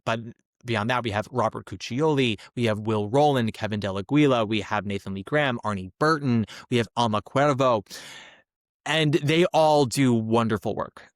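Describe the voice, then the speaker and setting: A man hosting a podcast, giving a casual, animated solo review with chatty asides. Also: mid-range voice, normal speed, dry recording, clean studio sound. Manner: chatty and animated, slips into mocking impressions. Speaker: podcast host, theater reviewer.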